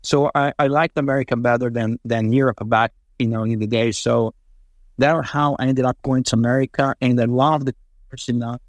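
A man from Brazil, an interview guest telling casual, animated stories with many fillers and acted-out quotes. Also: medium pitch, normal speed, no echo. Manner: animated, acts out quoted voices, frequent fillers. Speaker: interview guest, racing driver. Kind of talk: casual storytelling.

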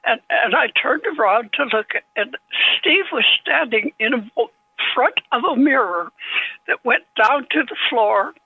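A woman in her nineties, an author guest, telling anecdotes in a gentle, halting way with husky tone, heard over a phone line. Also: on the high side, expressive, no echo. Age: 90s. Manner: slow, gentle storytelling with halting restarts.

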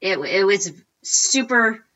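A woman in her forties telling a lively story as an interview guest, acting out quotes with big jumps in her voice. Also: slow, low-quality recording. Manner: animated, acts out quotes with big pitch jumps. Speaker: guest, recipe blogger.

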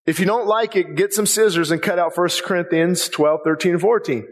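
A man's voice: a little high, normal speed, few pauses. A man preaching a sermon as a pastor, impassioned and conversational, often repeating himself as he presses a point. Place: church sanctuary. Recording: long reverb of a church hall.

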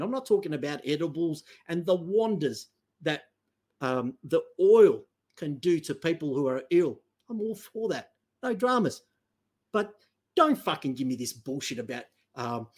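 An Australian man hosting a heated political chat, blunt and profane, with sharp leaps up in pitch when he gets emphatic. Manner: blunt, profane, ranting with sudden high emphatic jumps.

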